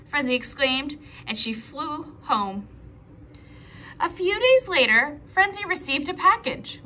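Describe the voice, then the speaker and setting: A woman's voice: high voice, slight background noise. A woman teacher reading a picture book aloud to preschoolers, with little asides to the children. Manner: animated, slow storytelling with asides to children.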